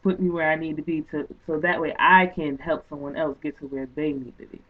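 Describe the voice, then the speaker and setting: A woman author telling a story in an interview, excited and animated, acting out what people said. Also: deep voice, a little fast. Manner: excited, animated retelling with quoted speech. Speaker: guest author and poet. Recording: distant, tinny phone-like sound.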